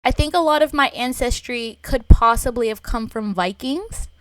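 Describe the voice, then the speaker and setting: Podcast co-host: American woman, higher-pitched, playful and jokey, dry close sound. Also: normal speed, a bit bright, dry recording. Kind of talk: casual chat.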